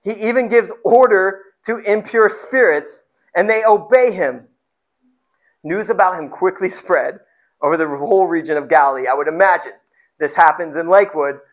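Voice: mid-range voice, a bit bright, low-quality recording. A pastor preaching a sermon with emphasis, often repeating phrases and asking the congregation rhetorical questions.

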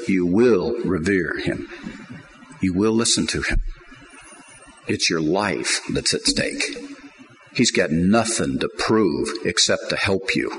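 A man's voice: low voice, poor audio. Male pastor, sermon, emphatic delivery, middle-aged, faint background noise. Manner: emphatic preaching, swinging from quiet to loud.

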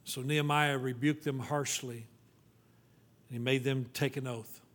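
A male pastor preaching a sermon, pleading with rhetorical questions, then dropping to a quiet, low tone for scripture readings. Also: steady tone, a little slow.

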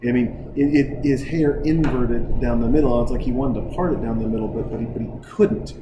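A man hosting a casual, rambling film commentary with profane, jokey, excitable talk, recorded in a bar. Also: medium pitch, brisk, background noise. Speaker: podcast host reviewing a film. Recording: echoey room with loud background ambience.

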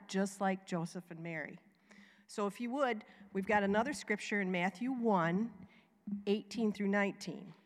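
Southern woman preaching in a reverberant hall. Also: medium pitch. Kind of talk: sermon.

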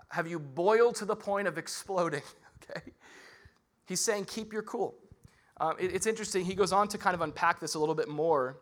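Animated, bright-voiced male preacher. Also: fairly high pitch. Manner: conversational and animated, with many fillers and rhetorical questions. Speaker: pastor. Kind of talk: casual sermon.

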